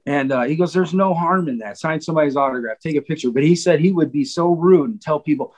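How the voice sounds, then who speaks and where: Rambling storyteller man, slightly high voice. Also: fast talker, a little mellow, poor audio. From Cleveland, Ohio. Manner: rambling, many fillers and quoted asides. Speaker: guest drummer. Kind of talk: storytelling in a casual chat.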